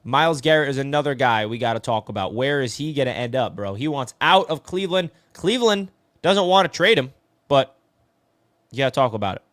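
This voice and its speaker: A man's voice: medium pitch, expressive, a little fast, fairly bright tone, no room sound, clean studio sound. A man hosting a casual live sports talk stream, reading viewer comments and calling people "bro". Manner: chatty, answers viewer comments, says "bro" a lot.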